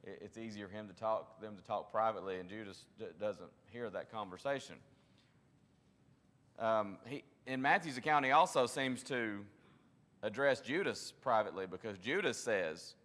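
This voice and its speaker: A man's voice: fairly low pitch, normal speed, a bit bright, long reverb tail. A man leading a Bible study, teaching conversationally, often restarting his sentences and acting out quotes. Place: church classroom.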